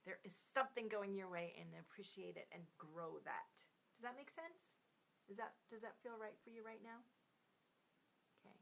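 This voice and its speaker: A woman in her thirties hosting a live stream of card readings. She chats warmly with viewers, sings out their names and drops into soft near-whispers. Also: mid-range voice, lively intonation, normal speed, creaky.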